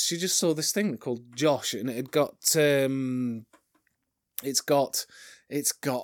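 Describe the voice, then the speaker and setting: A man's voice: mid-range voice, takes it slowly, no room sound. Rambling man, dry close sound. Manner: rambling, sidetracked, restarts and chuckles. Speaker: podcast host. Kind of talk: casual solo podcast chat.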